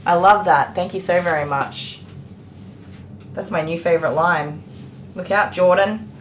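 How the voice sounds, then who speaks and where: A woman's voice: lowish voice, animated, slow pace, long pauses, a little hiss or hum. A woman who is a dog groomer, chatting casually on a livestream while she works and answering viewers by name. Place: grooming salon, indoors.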